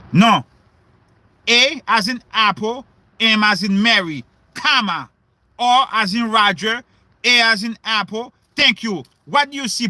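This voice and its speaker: A man preaching in a livestream sermon, questioning his listeners, repeating himself and breaking into shouts. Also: very high-pitched, no room sound.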